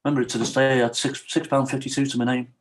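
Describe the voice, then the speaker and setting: A man's voice: mid-range voice, little pitch movement, fast. A middle-aged man from Wales, a podcast guest telling his personal story in an earnest, confessional way. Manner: earnest, confessional, leans on "yeah" and "I said".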